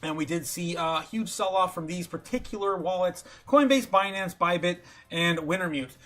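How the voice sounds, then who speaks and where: A man hosting a casual livestream, talking excitably with lots of fillers and chuckles. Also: high voice, moderate pace, faint music behind. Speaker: livestream host.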